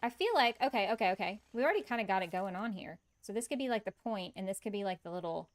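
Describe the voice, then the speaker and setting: A woman's voice: medium pitch, lively intonation, quick pace. Chatty woman streaming a game. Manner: chatty, laughs often, reads and answers chat. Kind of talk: casual gaming stream chat.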